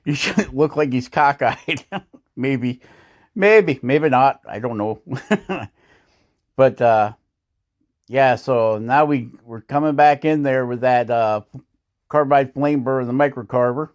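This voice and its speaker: A man's voice: medium pitch, takes it slowly, long pauses. A man hosting a woodcarving channel, talking through his work in a casual how-to voice-over, rambling and self-deprecating with frequent chuckles.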